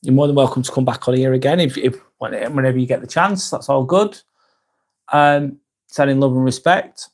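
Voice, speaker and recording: A man's voice: medium pitch, normal speed. Northern English male host, young adult, late-night live stream, tired, teasing and casual with the chat. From north of England. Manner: joking, swears casually, reads comments aloud.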